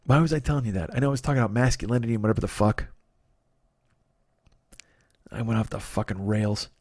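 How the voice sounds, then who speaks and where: A man's voice: lowish voice, darkish tone, no echo, studio quality. A man, hosting a solo comedy podcast, rambling in a profane, self-deprecating way. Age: 40s. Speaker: podcast host.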